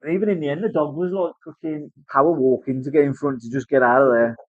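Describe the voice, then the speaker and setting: A British man with a slightly raised pitch tells a rambling, casual story, swearing freely and slipping into other people's voices. The recording is dry and a little dull, with no room sound. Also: steady tone, quick pace, dry recording. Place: tattoo studio.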